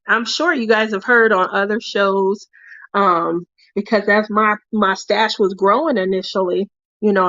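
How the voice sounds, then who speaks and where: A woman's voice: a little high, a bit bright, no room sound, lo-fi sound. A woman hosting a casual crafting livestream who tells stories in a chatty way and laughs often. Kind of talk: casual chat while crafting.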